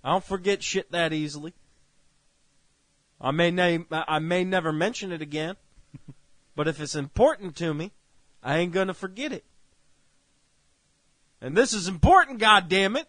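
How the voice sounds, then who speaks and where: A man co-hosting a casual review chat, swearing a lot and bursting into loud rants. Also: high voice, moderate pace, pauses often, dry recording. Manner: profane, ranting, loud outbursts. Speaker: co-host.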